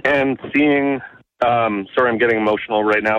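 A man from Canada calling in to a sports radio show, earnest and halting, with lots of fillers. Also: medium pitch, fairly even intonation, dry recording. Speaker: caller. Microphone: phone. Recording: muffled phone-call audio.

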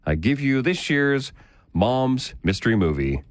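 A man's voice: medium pitch, very animated, unhurried, slight background noise. A man co-hosting a radio show, teasing and dry with his quips in casual banter.

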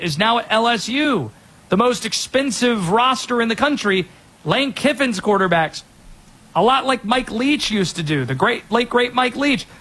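A man hosting a sports talk show, giving energetic, opinionated rundowns of players and teams. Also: high-pitched, slightly rough.

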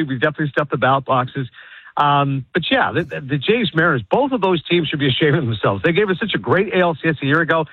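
A man, a guest on a sports radio show, ranting in rapid, animated, opinionated bursts over a phone call. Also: fairly high pitch, slightly rough, no echo. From Canada. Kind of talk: casual sports radio chat. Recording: tinny phone line.

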